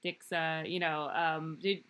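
Bright-voiced, rambling podcast host woman. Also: low-pitched, little pitch movement, slow. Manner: rambling, giggly, many fillers. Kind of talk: casual podcast chat.

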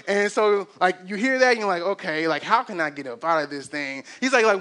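Young male pastor, high bright voice, animated storytelling sermon. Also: fast talker, few pauses, smooth. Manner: animated storytelling with acted quotes and laughs.

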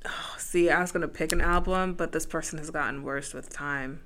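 Woman co-host, low-set but bright voice, blunt and joking, casual chat. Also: steady tone, brisk. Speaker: podcast co-host.

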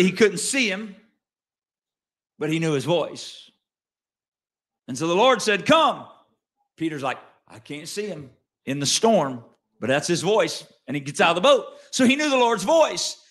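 Pastor, male, fairly high voice, dramatic delivery that jumps from soft asides to loud emphasis, conversational questions to the congregation. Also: expressive, normal speed. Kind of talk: sermon.

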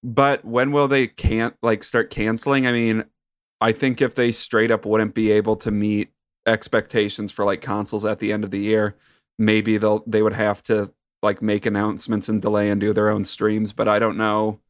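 An American man co-hosting a casual chat, with wry, deadpan jokes. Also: on the low side, moderate pace, clear, resonant tone, no echo, studio quality. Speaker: podcast co-host.

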